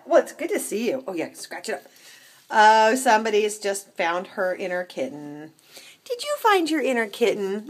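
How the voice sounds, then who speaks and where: A woman talking baby talk to a cat while filming it on her phone, cooing in a sing-song voice with soft murmurs. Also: mid-range voice, slightly rough. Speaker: cat sitter.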